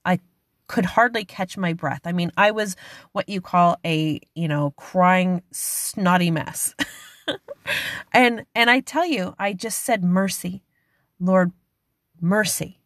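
A woman's voice: lowish voice, slow pace, a bit bright, no echo, clean studio sound. A middle-aged woman hosting a devotional podcast, speaking earnestly and emotionally, rising at times to fervent preaching. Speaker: podcast host.

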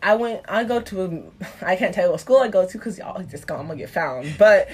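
A young woman speaks in a casual family discussion, her delivery animated and quick as she builds her points. She often slips into mimicking others, and her voice sits at an ordinary middle pitch. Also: breathy edge. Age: teens. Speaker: guest.

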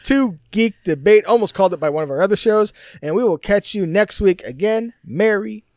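A man's voice: high-pitched, lively intonation, fairly quick, darkish tone, no room sound, clean studio sound. A man hosting a podcast in casual chat, teasing his co-hosts sarcastically and laughing often. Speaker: podcast host.

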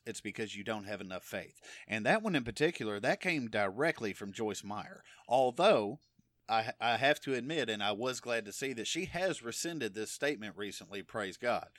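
A man's voice: mid-range voice, a bit bright, no room sound. Man, middle-aged, Bible teacher, casual and emphatic, dry close sound. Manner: conversational, emphatic, frequent "okay?" check-ins. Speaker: preacher.

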